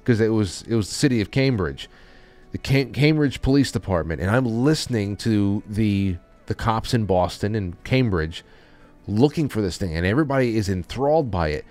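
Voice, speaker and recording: A podcast host with a fairly low, darkish voice chats casually at a moderate pace. He sounds expressive, rambling loosely, often restarting and letting thoughts trail off.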